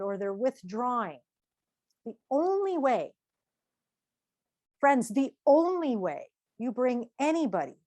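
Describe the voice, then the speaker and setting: At a parenting seminar, a middle-aged woman with a slightly high voice speaks in a lively way, asking the audience questions and acting out quotes. The studio sound is clean, with no echo.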